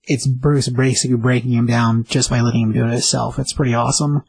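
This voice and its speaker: A man's voice: mid-range voice, little pitch movement, quick pace, creaky, a little mellow, slightly rough, poor audio. A man casually retelling a comic book story as a recap host, loose and chatty. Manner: loose and chatty, with many fillers and restarts.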